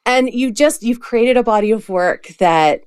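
A woman's voice: on the high side, unhurried, a little mellow, smooth, no room sound, clean studio sound. A woman hosting a podcast interview, effusive and gushing about her guest. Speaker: podcast host and coach.

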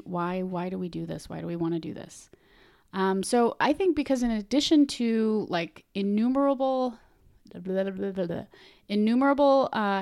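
A woman explains meditation in an easygoing, earnest way. She chats along, trips over her words and circles back to repeat them. Her voice sits at an ordinary pitch in a dry, close recording with no room sound. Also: creaky, darkish tone, dry recording. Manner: earnest, chatty, frequent restarts and repeated words. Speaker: meditation vlogger. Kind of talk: casual explanatory talk.

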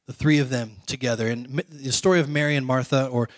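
Man, pastor, sermon, conversational, mid-pitched, dry. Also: fairly even intonation, quick pace, dry recording. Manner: conversational, quizzes the congregation, drops to soft quiet lines.

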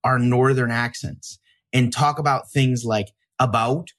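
A male podcast host who talks fast and jokes easily, with a plain, upfront manner. His voice sits mid-range, and the recording is close and dry. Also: mid-range voice, steady tone, a bit bright, dry recording. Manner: upfront, joking, quick-talking. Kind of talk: casual podcast chat.

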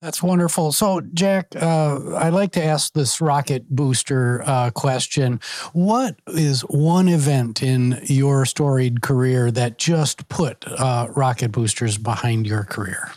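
A man from Wisconsin hosting a podcast, asking questions in a slow, halting way. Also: medium pitch, a little mellow, no room sound. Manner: slow, hesitant, many fillers and restarts. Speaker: podcast host. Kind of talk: interview questions.

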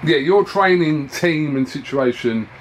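A man's voice: on the high side, expressive, unhurried, a little hiss or hum, rough recording. A man interviewing a boxer in a casual, chatty and self-deprecating way. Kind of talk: casual fight-week interview.

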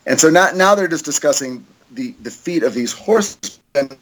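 Dude on a podcast reading stuff out, joking around, voice a bit high. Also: male voice, expressive, moderate pace, a bit bright. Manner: loose and joking, reading passages aloud. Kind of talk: casual podcast chat.

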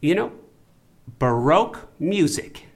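A man's voice: on the high side, very animated, takes it slowly, exaggerated voice. An actor playing a vain, self-absorbed male marketing executive in an audio drama, pushy and prone to stammering. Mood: boastful. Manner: pushy and self-assured, stammers when flustered. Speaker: client faking his death.

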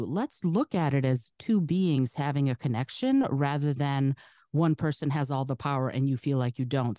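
A woman from the Soviet Union, native Russian speaker, speaking broadcast-style American English as an interview guest, chatty and animated, laughing often. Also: low voice, no room sound, clean studio sound. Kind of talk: casual interview storytelling.

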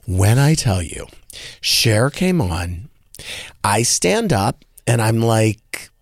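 A man hosting a radio talk show, telling a story in a casual, animated way and acting out the people he quotes. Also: takes it slowly, dry recording, studio quality. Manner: animated, acts out quoted voices in a higher pitch. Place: radio studio.

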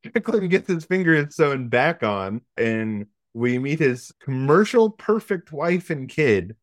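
A man's voice: on the high side, big pitch swings, slow, no room sound, clean studio sound. A man hosting a podcast, giving a casual, profane, wry recap of a film's plot with joking asides. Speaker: podcast host recapping a film. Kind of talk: casual comedic film recap.

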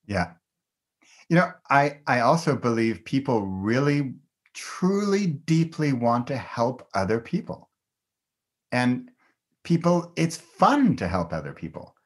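A man's voice: medium pitch, sing-song, slow. A middle-aged man talking as a guest on a podcast in a casual, enthusiastic way, laughing often. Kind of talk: casual conversation.

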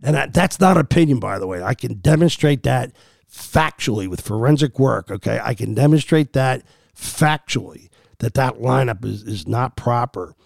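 Gravelly, heated male sports podcast host. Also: mid-range voice, expressive, moderate pace, no room sound, studio quality. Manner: heated, argumentative, emphatic. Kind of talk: opinionated sports talk.

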